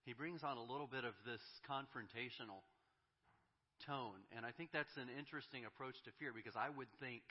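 A man preaching a sermon as pastor, emphatic and rising in force when he voices God's words. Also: medium pitch. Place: church sanctuary. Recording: dull, reverberant church hall recording.

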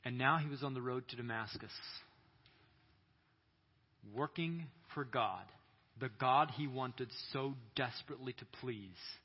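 Husky preacher in a reverberant hall. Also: male voice, mid-range voice, a little slow, long pauses. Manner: dramatic storytelling, acting out quoted prayers and voices. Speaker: youth conference speaker. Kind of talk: sermon. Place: large hall. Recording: echoey hall, dull sound.

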